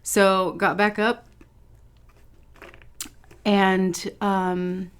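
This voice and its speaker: A woman's voice: medium pitch, little pitch movement, very slow, clean tone. A young woman vlogger telling a personal story to her viewers in a casual, chatty way, swearing now and then and laughing. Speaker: food vlogger.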